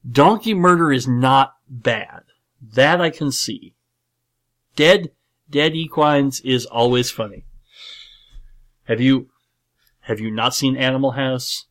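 A man's voice: medium pitch, takes it slowly, long pauses, a bit bright. A man hosting a podcast, talking about a film in a rambling, emphatic way with many fillers and restarts. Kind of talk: casual movie discussion.

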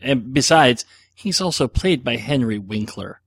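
Middle-aged male podcast host, rambling and self-deprecating, average pitch, dry close sound. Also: animated, a little slow, husky, no echo. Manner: rambling, chatty, self-deprecating, many fillers. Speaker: podcast host answering listener questions. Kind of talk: casual chat.

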